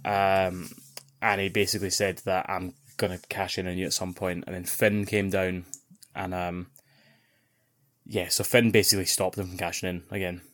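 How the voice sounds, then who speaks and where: A man telling a lively story in casual podcast chat, swearing freely and acting out other people's shouts. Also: low voice, moderate pace. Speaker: podcast co-host.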